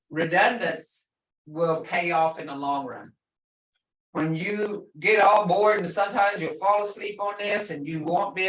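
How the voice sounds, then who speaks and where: A woman language instructor leading a class through slow, repetitive syllable drills and explaining pronunciation emphatically. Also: on the low side, a bit bright. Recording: echoey room, voice from a distance.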